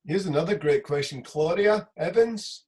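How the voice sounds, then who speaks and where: A man's voice: fairly high pitch, moderate pace, darkish tone. A man hosting a question and answer session, giving brief, friendly introductions. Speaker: session host. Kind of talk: moderating a Q&A.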